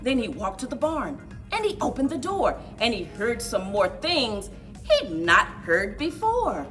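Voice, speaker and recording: Librarian lady reading a kids book, slow, bright and very singsongy, soft music behind. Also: a little high. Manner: expressive storyteller, big swoops for animal noises. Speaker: children's librarian. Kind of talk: reading a picture book aloud.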